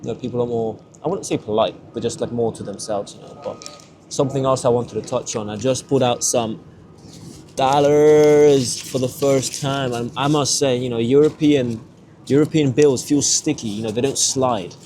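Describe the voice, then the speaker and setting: An eighteen-year-old British travel vlogger chats casually outdoors on windy city streets, rambling and swearing easily. His voice is mid-range with a darkish tone, brisk, with slight background noise.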